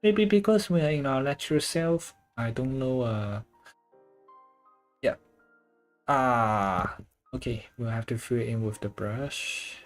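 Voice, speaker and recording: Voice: medium pitch, takes it slowly, pauses often, faint music behind. An artist chatting casually while drawing, rambling loosely with lots of filler words and the odd casual swear.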